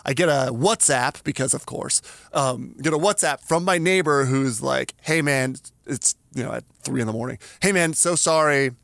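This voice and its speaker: A man co-hosting a podcast, telling a story in an emphatic, animated way and acting out the voices of the people in it. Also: mid-range voice, moderate pace, vocal fry, no echo. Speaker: podcast co-host. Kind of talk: casual chat, storytelling.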